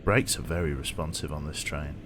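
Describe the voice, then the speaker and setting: Deep-voiced English man streaming a game. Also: steady tone, a little fast, background noise. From England. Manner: dry joking, reads chat aloud while driving a train game. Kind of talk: casual live-stream chat.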